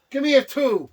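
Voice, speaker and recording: A boisterous older man bantering on a wrestling talk show. His voice sits high and swings widely in pitch. He teases and shouts to needle the others. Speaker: wrestling manager and co-host.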